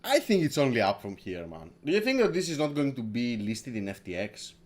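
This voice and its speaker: A man's voice: mid-range voice, big pitch swings, a little fast. A man hosting a casual crypto livestream who rambles, repeats his words, swears and laughs a lot, from Greece. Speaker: crypto stream host.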